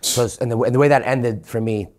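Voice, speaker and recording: Fast-talking New York man telling stories. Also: mid-range voice. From Queens, New York. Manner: animated, fast, heavy swearing, acts out quotes. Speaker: podcast guest. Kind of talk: casual storytelling.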